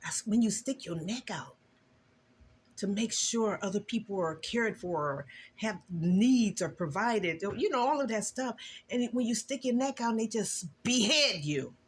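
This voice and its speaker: An older woman and grandmother sharing an earnest, emotional Christian testimony in a casual vlog, with a preachy, expressive delivery. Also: measured pace, a little hiss or hum. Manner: earnest, preachy and emotional, with lively swings in pitch. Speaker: vlogger.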